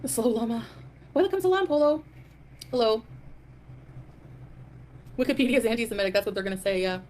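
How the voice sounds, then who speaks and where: A woman's voice: on the high side, fairly even intonation, a little fast, darkish tone, slight background noise. A woman hosting a live stream, ranting in a defiant, dismissive way and greeting chat viewers. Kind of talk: casual live stream rant.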